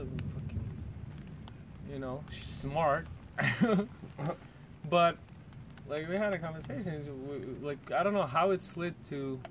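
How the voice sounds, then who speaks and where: A man's voice: a little high, noisy background. A man co-hosting a casual chat podcast, telling rambling stories full of swearing and laughs. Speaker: podcast co-host.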